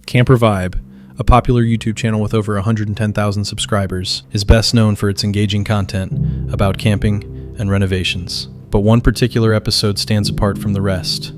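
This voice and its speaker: Low-voiced man narrating with music. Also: level tone, a little fast. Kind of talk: scripted narration.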